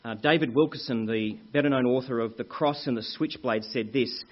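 A man delivers a sermon with a husky, slightly breathy voice at a medium pitch. He speaks earnestly to the congregation, mixing scripture with stories. The recording sounds muffled and lo-fi. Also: animated, a little fast. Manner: earnest, addresses congregation as brethren, tells anecdotes. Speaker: preacher.

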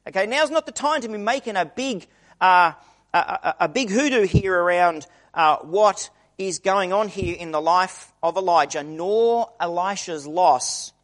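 A man's voice: high-pitched, unhurried, a bit bright. A middle-aged man preaching a conversational sermon, acting out the quoted voices he describes.

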